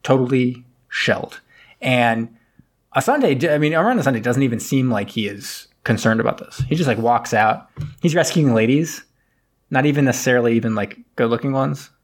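A man's voice: mid-range voice, animated. A man casually recapping a movie on a podcast, rambling and briefly acting out characters as he goes. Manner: rambling, acts out characters in quick paraphrase. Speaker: podcast co-host.

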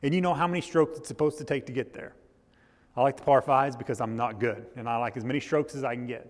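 A man preaching a sermon as pastor, telling a story in a loose, halting way with frequent restarts. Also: mid-range voice, in a large hall. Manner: storytelling with restarts and rising intensity. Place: church.

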